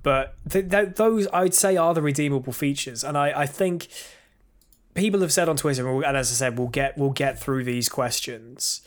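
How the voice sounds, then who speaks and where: A man's voice: mid-range voice, moderate pace. Rambling man on a podcast. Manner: rambling, with many restarts and fillers. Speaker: podcast co-host. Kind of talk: casual podcast discussion.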